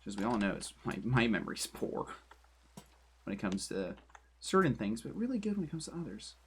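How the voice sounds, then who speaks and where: A man's voice: medium pitch, sing-song, a little fast, a little hiss or hum. A man streaming a building game, talking casually to his viewers in a rambling, self-deprecating way. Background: keyboard typing and clicks.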